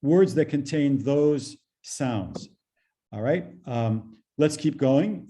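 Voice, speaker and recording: A man leads a language class over a video call, his voice very dark and mellow at a middle pitch. He explains patiently, slowing down on key words and padding with fillers. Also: lively intonation, slight background noise. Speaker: teacher of Classical Armenian.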